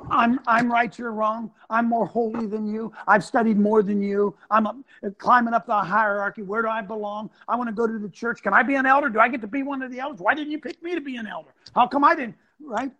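A man's voice: very high-pitched, fairly even intonation, fairly quick, hardly any pauses, bright, forceful tone, highs cut off. A man hosting an online show, a former football coach giving an intense, emphatic, sermon-like talk full of rhetorical questions into his computer mic. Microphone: computer mic on a video stream.

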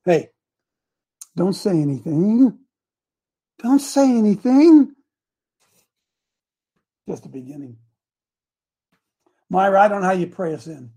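High-pitched male preacher, fiery sermon, shouts then murmurs. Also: lively intonation, normal speed, long pauses, husky. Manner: shouts peaks, then drops to soft asides. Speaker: preacher addressed as coach.

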